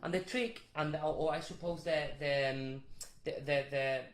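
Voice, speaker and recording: A man teaching a vocal warm-up, explaining technique with restarts and short sung demonstrations. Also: on the high side, steady tone, moderate pace, roomy sound, over loud music. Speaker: vocal coach.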